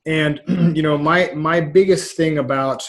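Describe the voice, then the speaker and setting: A man's voice: a little high, fairly even intonation, measured pace. A middle-aged man, a mindset coach, talking casually in an interview over a video call, rambling and repeating words with frank energy. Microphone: webcam about two feet away.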